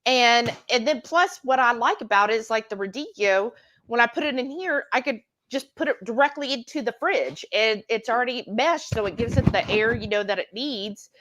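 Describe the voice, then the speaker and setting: A woman co-hosting a cooking livestream from a home kitchen, chatty and excitable, bantering as she cooks. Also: on the high side, normal speed. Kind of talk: casual livestream cooking chat.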